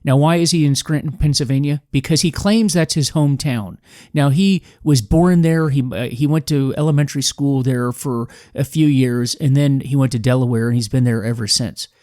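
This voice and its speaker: With a warm, mid-range voice, fairly even intonation and a moderate pace, a man hosts a podcast of preachy, combative political commentary. The emphatic monologue is recorded in dry, clean studio sound.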